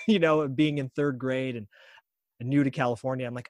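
A man talking as a guest voice actor on a podcast, easygoing and quick to laugh, often restarting his sentences. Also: medium pitch, steady tone, no room sound, clean studio sound. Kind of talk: casual podcast chat.

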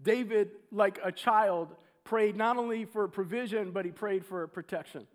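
A man preaching a sermon, telling a story with animated, acted-out quotes. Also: high-pitched, moderate pace.

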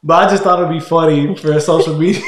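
A man with a somewhat high voice chats casually on a home podcast, slipping in slang and frequent laughter. His voice carries a roomy echo around it. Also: fairly even intonation, brisk, a little hiss or hum. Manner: laid-back, laughs often, folksy slang. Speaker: podcast co-host. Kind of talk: casual chat.

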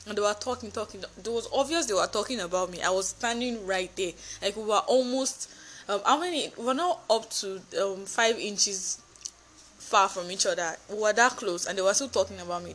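A woman's voice: mid-range voice, brisk, fairly bright tone. A young woman with a Nigerian accent ranting casually to camera, frustrated and cursing, tripping over her words, exhausted and cold. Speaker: vlogger.

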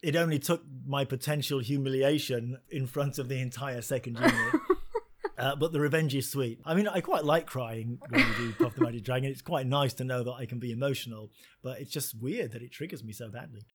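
An animated man telling a story on a casual interview show. His voice sits in a middle register, and he mocks himself and laughs as he talks. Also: medium pitch, fairly quick. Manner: lively and self-mocking, laughs through his story. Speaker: actor guest.

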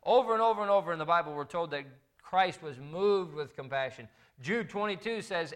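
A man's voice: a little high, expressive, brisk, few pauses, clean tone. A middle-aged man preaching a sermon in a fervent, emphatic style. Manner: impassioned, building to fervent emphasis. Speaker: pastor.

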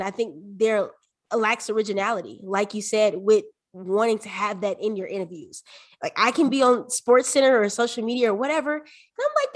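A woman hosting a podcast, chatting in a casual, enthusiastic and affirming way. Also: medium pitch. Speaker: podcast host. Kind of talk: casual interview conversation.

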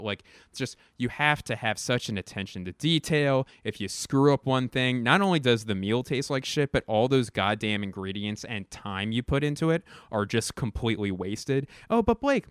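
A young man riffs through a comic monologue, swearing freely and tripping over his own restarts before punching words out loud. His voice sits at a middling pitch and is recorded dry and close, with no room sound around it. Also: no echo. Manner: profane, rambling, self-deprecating, with frequent restarts and sudden loud bursts. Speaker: comedian. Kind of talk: stand-up style comic monologue.

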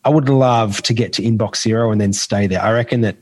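A man's voice: on the low side, fast, darkish tone, husky. An Australian man co-hosting a casual podcast, chatty and thinking aloud as he works through ideas. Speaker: podcast co-host. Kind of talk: casual chat.

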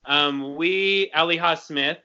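High, bright, giggly young man. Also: clear, resonant tone. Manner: giggly, quick to laugh. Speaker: podcast host. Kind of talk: casual chat. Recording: dull lo-fi sound.

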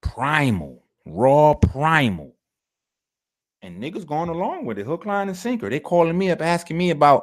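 A man's voice: fairly high pitch, big pitch swings, normal speed. A man hosting a video, giving casual commentary on clips in an emphatic, slangy, profane way and repeating his phrases for effect. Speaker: video host.

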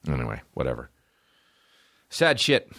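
Man, podcast host, very low voice, profane rambling rant, sudden high yelps, dry close sound. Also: wildly swooping pitch, unhurried, vocal fry, a bit bright, no echo. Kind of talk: casual comedic podcast rant.

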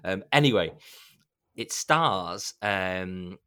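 A man with a lowish voice talks casually about films as a podcast co-host. He tells stories in an animated, chatty way, slipping into quick little impressions. It is relaxed, unscripted talk. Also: clear, resonant tone, dry recording, clean studio sound. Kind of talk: casual film chat.

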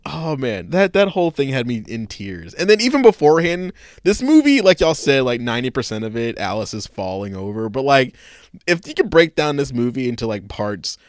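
A man's voice: mid-range voice, very animated, a little fast, no room sound, clean studio sound. A man co-hosting a casual podcast chat. He laughs often and acts out movie lines. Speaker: podcast co-host.

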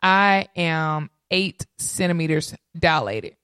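Lively woman in her thirties. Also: fairly low pitch, a little slow, dry recording, studio quality. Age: 30s. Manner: animated, addresses audience as y'all. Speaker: mother sharing birth story. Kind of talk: casual storytelling to viewers.

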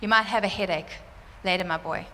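A woman telling a church congregation a personal testimony, animated and fervent, laughing often. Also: medium pitch, fairly quick, slight background noise. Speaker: church speaker sharing a testimony. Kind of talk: sermon testimony. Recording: roomy church hall reverb, faint ambience.

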